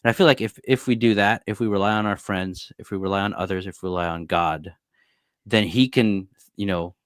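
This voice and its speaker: A man telling a personal faith story in a relaxed, reflective way over a video call, with frequent fillers and restarts. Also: lowish voice, brisk, clear, resonant tone, no echo, studio quality. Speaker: former monk, podcast guest or host. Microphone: video call over unstable internet.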